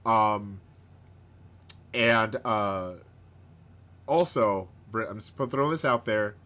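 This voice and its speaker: A man hosting a live stream in casual chat, rambling, chuckling often and bursting into excited outbursts. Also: fairly low pitch, takes it slowly. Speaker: host of a live-streamed show.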